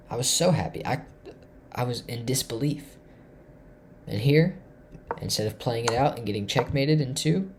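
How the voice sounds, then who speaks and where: A man from Tennessee excitedly walking through his chess game, thinking aloud and swinging between loud bursts and hushed asides. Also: lowish voice, slight background noise. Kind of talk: excited game recap to camera.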